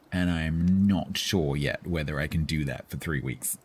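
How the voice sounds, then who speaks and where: A man chats loosely with his stream audience, often restarting his sentences and chuckling. His voice sits very low and has a husky edge. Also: steady tone, measured pace, a little mellow. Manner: rambling, self-interrupting, chuckles often. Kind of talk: casual chat with viewers.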